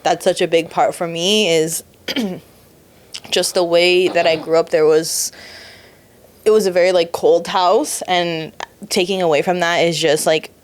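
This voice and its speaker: A woman with a lower-pitched voice co-hosting a casual podcast. She speaks in a reflective way and laughs often with her co-hosts. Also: fairly even intonation, a little slow. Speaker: podcast co-host. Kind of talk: casual chat.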